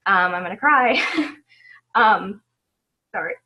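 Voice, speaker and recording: A woman on a video call giving a heartfelt, halting recap of an event from home, stopping often to apologize. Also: mid-range voice, fairly even intonation, dull audio. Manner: emotional, halting, tearful at times, apologizes often. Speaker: event attendee sharing a recap.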